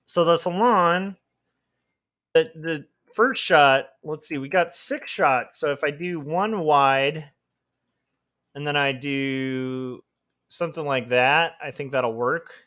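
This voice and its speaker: A man's voice: on the high side, slow pace, a bit bright. Rambling man thinking aloud while drawing. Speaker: comic artist streaming his work. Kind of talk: casual livestream chat while drawing.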